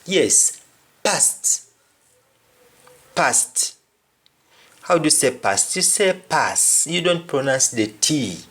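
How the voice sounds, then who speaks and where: A man's voice: fairly high pitch, expressive, takes it slowly, long pauses, fairly bright tone. A man teaching a language lesson, repeating each word several times as he explains it. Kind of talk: spoken lesson on patois phrases.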